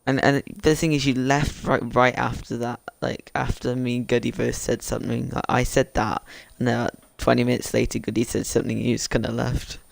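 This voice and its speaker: A man's voice: mid-range voice, little pitch movement, fairly quick, vocal fry, few pauses, no echo. A man chatting casually while streaming a farming game, telling rambling stories about friends. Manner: rambling, anecdotal. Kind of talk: casual gaming stream chat.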